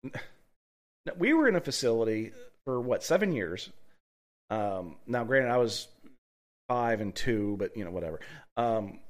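A man's voice: medium pitch, big pitch swings, moderate pace, long pauses. A man co-hosting a podcast, reading news with stumbles and chatting bluntly with plenty of swearing. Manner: blunt, profane, reads news aloud with stumbles. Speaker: podcast co-host. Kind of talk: casual podcast chat.

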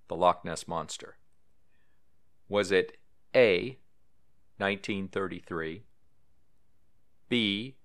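A man's voice: sits low, fairly bright tone. A man hosting a paranormal podcast, reading history and trivia aloud in a casual way with small asides. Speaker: podcast host.

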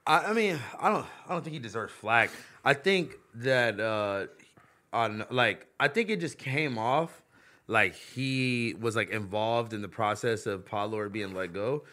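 A man's voice: mid-range voice, expressive, measured pace, pushed and bright. A man hosting a casual podcast chat with friends, joking and talking loosely with lots of fillers. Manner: joking, loose, full of "like" and restarts. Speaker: podcast host.

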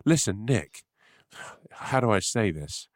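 A man's voice: on the low side, big pitch swings, takes it slowly, dry recording, clean studio sound. Man putting on a prim, wholesome bloke. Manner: prim, careful, oddly wholesome put-on voice. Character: overly polite man breaking bad news to a friend.

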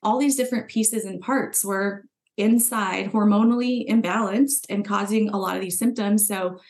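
This woman speaks in a steady, mid-range voice with a slightly mellow quality and a moderate pace. She's a former client appearing as a podcast guest, earnestly recounting her own story in conversation and acting out what went through her mind back then.

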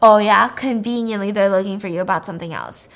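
A woman voicing an angry young nurse who speaks in a sharp, accusing way. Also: medium pitch, quick pace, natural voice.

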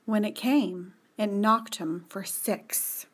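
A woman narrating a story in a slow, measured way, sometimes dropping to a hushed whisper. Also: mid-range voice.

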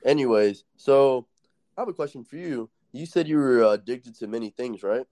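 A man's voice: medium pitch, animated, normal speed, dark tone. Rambling, cussing man telling stories. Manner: rambling, profane, laughs often. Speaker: podcast host. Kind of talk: casual storytelling chat.

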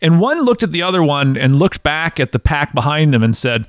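A man's voice: a little high, big pitch swings, a little fast, dry recording, studio quality. A man in his forties hosting a podcast interview, chatting casually and telling playful, joking stories. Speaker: podcast host.

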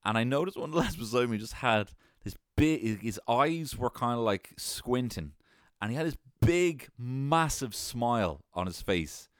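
A man's voice: medium pitch, normal speed, no room sound, clean studio sound. A young man casually telling a funny childhood story, swearing freely and breaking into laughter. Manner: animated, swearing, laughing often.

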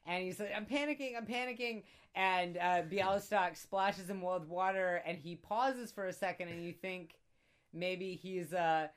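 A woman co-hosting a casual film discussion podcast, animated, acting out quotes as she laughs. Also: lowish voice, a little slow. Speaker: podcast co-host.

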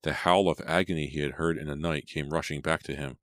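A man with an extremely deep voice narrates a storybook for an audiobook, keeping a steady, measured delivery of the script. The close, dry recording carries almost no room sound and no echo.

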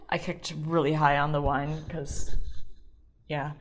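Lady rambling thru her podcast, kinda low voice, jokey and self-mocking. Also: little pitch movement, takes it slowly, long pauses. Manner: rambling, playful, self-deprecating. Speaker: podcast host. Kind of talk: casual solo podcast chat.

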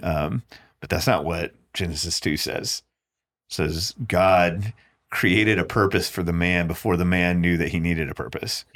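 A man's voice: low voice, unhurried, fairly bright tone. A man co-hosting a podcast, talking through a Bible passage in a thoughtful, reflective way. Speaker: podcast co-host. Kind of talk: casual Bible discussion.

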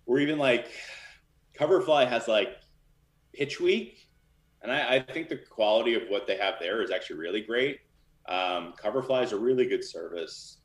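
A man's voice: low-pitched, fairly bright tone, roomy sound. A man talking casually and candidly as a guest in an interview, with lots of fillers. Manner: loose and candid, many fillers. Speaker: literary manager.

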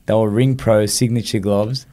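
A man with an Australian accent, a podcast guest telling stories in an animated, casual way, full of "you know" and quick restarts. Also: on the low side. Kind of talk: casual storytelling interview.

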